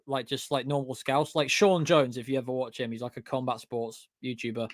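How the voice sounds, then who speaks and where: A young man who runs a YouTube channel speaks a little fast at medium pitch, recorded in clean studio sound with no room sound. In casual livestream chat about his channel's past, he rambles, curses a lot, and keeps pausing to say "what do you call it".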